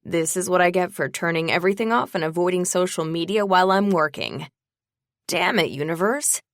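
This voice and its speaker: Woman doing a snarky young guy bestie, teasing and over the top, slight gravel in the voice, dry close sound. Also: fairly low pitch, a little fast, dry recording, lightly acted. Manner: teasing, dramatic, sarcastic. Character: sarcastic, playful young male best friend.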